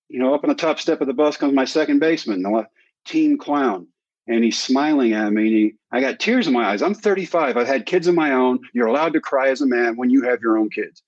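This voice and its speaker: A man of about sixty spins a long personal story, playing out each quoted line as he goes. His voice sits at an ordinary middle pitch. The recording is dry, with a slightly dull, muffled top end. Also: no echo. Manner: animated storyteller who acts out quoted dialogue. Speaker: guest. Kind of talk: storytelling in a sit-down conversation.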